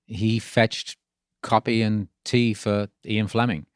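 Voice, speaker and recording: A man's voice: fairly low pitch, flat delivery, slow pace, clean tone, no echo, clean studio sound. A man in his sixties from Birmingham, England, with an English accent worn into an American one, telling his story in a rambling way in an interview. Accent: mixed English and American. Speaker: guest, radio DJ. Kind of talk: casual interview talk.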